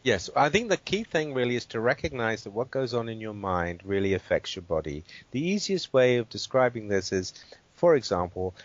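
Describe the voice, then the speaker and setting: A man who is a guest expert, calmly walking through a guided exercise and checking in with the listener as he explains. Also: medium pitch. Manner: measured and explanatory, checks in with "right?". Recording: dull, dry interview audio.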